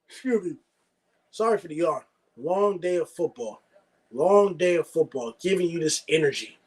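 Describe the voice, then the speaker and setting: Excitable high-voiced young man ranting. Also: moderate pace, breathy edge. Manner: excitable, argumentative, reads chat aloud. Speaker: streamer. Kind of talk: live game watch-along commentary.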